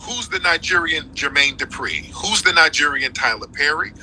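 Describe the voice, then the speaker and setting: A man's voice: on the high side, expressive, moderate pace, sharp tone, slight background noise, poor audio. A man in a heated online debate, combative, mocking and interrupting.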